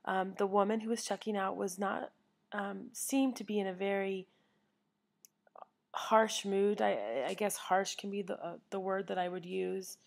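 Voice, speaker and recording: A woman's voice: mid-range voice, unhurried, creaky. A middle-aged woman telling a story to camera in a casual, earnest way from her living room at home, often correcting herself as she goes. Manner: chatty, earnest, with self-corrections. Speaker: vlogger.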